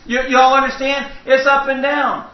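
A man's voice: very high voice, flat delivery, normal speed. A man preaching a sermon in a church, telling folksy, humorous stories. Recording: echoey hall, distant mic, dull sound.

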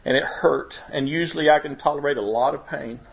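A man telling his personal faith testimony to a congregation, emotional, his voice rising and breaking at the high points. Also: fairly quick, creaky. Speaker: preacher giving testimony. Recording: dull lo-fi recording.

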